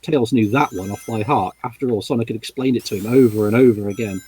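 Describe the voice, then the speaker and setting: A man narrating a storybook in a livestream read-along, steady in his reading and amused in his asides. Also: lowish voice, fast talker, few pauses, husky, rough recording. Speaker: reader.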